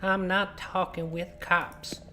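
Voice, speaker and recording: A man's voice: sits high, level tone, slow, bright, forceful tone, slight background noise, pitched above the performer's own voice, full character voice. A man voicing a surly rural man who is hostile to police, using a put-on country accent and a curt, drawling manner. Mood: dismissive.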